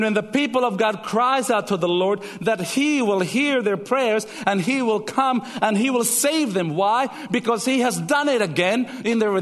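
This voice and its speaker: High-voiced preacher. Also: male voice, in a large hall. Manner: animated storytelling, emphatic repetition. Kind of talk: sermon.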